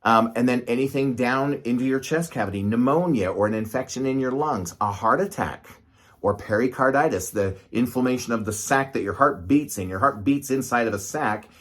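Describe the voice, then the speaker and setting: A man's voice: mid-range voice, normal speed. Middle-aged male physician, casual explainer who is talky and checks in with listeners. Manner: conversational, asks "right?" often, gestures to demonstrate. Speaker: doctor explaining medicine.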